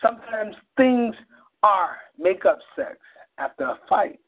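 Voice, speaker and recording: Lively high-voiced man, husky and tinny. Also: measured pace. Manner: animated, repeats phrases for effect. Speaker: radio co-host and poet. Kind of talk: casual chat and spoken-word poetry reading. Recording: tinny phone-like sound.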